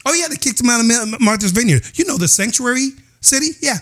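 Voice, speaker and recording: A man's voice: very high-pitched, animated, fast, a bit bright. A man hosting a podcast, ranting in casual political commentary with a sing-song delivery and many "oh, yeah" asides. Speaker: podcast host.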